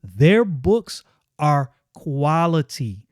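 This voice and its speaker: A man's voice: fairly high pitch, very animated, very slow, no echo, studio quality. A man reviewing a comic book in casual, enthusiastic commentary, often repeating phrases for emphasis.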